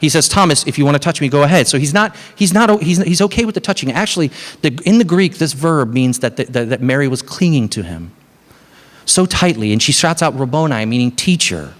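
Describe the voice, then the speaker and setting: A man preaching an Easter sermon as a pastor, telling stories in a conversational, animated way with building emphasis. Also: on the high side, brisk.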